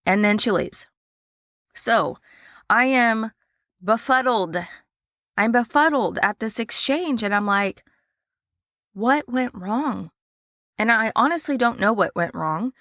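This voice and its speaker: A woman hosting a casual solo podcast, telling a story in a chatty, animated way and acting out the dialogue. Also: on the high side, unhurried, no echo, clean studio sound. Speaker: podcast host and small business owner.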